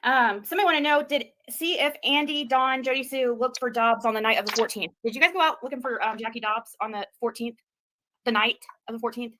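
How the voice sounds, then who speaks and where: A woman's voice: a little high, fairly even intonation, a little fast, pushed and bright. A woman asking a stream guest questions in a hesitant manner. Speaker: stream host. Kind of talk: interview questions.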